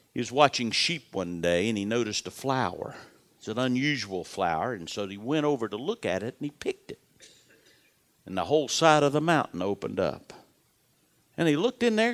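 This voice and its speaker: A male pastor preaching a sermon with dramatic storytelling, repeating words for emphasis and dropping to a hushed whisper at key moments. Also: fairly low pitch.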